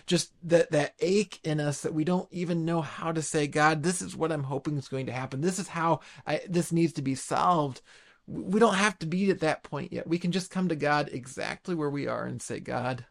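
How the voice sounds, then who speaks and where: Pastor, man, late thirties, gravelly, earnest sermon with halting restarts. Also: fairly high pitch.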